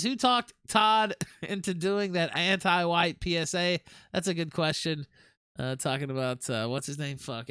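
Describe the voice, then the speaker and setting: A man's voice: fairly high pitch, pushed and bright, clear, resonant tone, no echo, studio quality. A man hosting a casual livestream, reading chat messages aloud and swearing freely. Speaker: livestream host.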